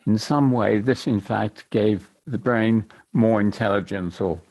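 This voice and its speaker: A man asking a question in a Q&A, polite and measured, pressing to pin down concepts. His voice sits on the low side. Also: darkish tone. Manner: courteous, precise, probing.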